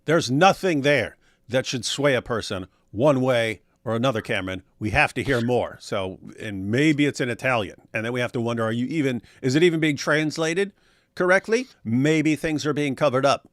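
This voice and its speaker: A man's voice: medium pitch, normal speed, no echo, studio quality. A man co-hosting a reaction stream, making teasing, sarcastic remarks in casual commentary.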